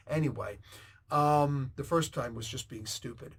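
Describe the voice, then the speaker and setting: A man hosting a comic book review, retelling the story in a rambling, excitable way with sound effects and tangents. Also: medium pitch, moderate pace.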